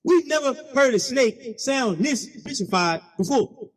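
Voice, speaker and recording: A man giving a keynote speech, telling stories in an animated, playful, slangy way with frequent call-and-response. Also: very high voice, a little slow, in a large hall. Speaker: keynote speaker. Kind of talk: storytelling speech.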